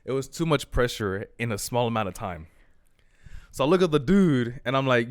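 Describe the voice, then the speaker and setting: Animated swearing young man telling stories. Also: mid-range voice, fairly quick, dry recording, studio quality. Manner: animated, swears often, acts out dialogue in loud bursts. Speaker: podcast co-host. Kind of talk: casual storytelling chat.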